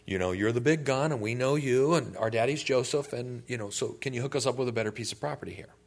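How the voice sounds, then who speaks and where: A man's voice: mid-range voice, quick pace, lightly acted. A man voicing whining, wheedling tribesmen who ask their old leader for favors, in a chummy, complaining tone.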